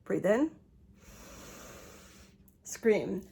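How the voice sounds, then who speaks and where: A middle-aged woman talking casually into her phone at home, chatty and often laughing, with quick restarts. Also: mid-range voice, big pitch swings, vocal fry, very noisy. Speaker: vlogger. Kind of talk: casual personal vlog. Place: home, indoors.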